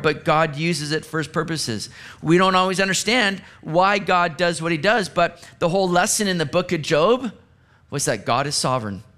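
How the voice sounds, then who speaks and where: Man, pastor, sermon, high-pitched, animated, acts out quotes. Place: church sanctuary.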